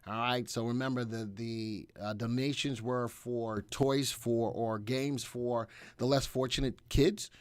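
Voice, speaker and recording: A man's voice: mid-range voice, steady tone, measured pace, few pauses, clear, resonant tone, dry recording. Guy hosting a live stream, reads out chat comments, talks to his helper off camera, dry mic. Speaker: senior instructor and livestream host.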